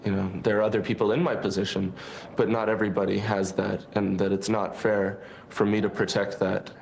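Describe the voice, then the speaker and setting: Low, even-voiced reflective man. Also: brisk, gravelly, low-quality recording. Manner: reflective, hesitant admission. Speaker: workshop participant.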